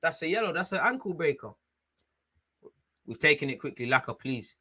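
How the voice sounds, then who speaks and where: A young man hosting a live football watchalong. He is excitable, shouts at the referee and drops to low mutters in between. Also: normal speed, slightly rough. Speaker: fan watchalong host.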